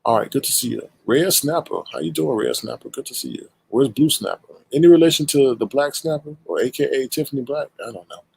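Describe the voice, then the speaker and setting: Husky-voiced man greeting his stream chat. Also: mid-range voice, rough recording. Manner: playful, animated shout-outs with drawn-out greetings. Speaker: show host and creator. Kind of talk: casual livestream chat, greeting viewers.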